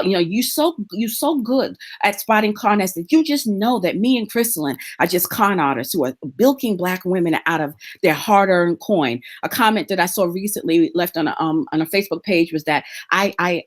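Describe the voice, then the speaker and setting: A woman's voice: on the low side, animated, moderate pace. A woman from Brooklyn, ranting bluntly and sarcastically in a casual chat. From Brooklyn, New York. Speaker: co-host.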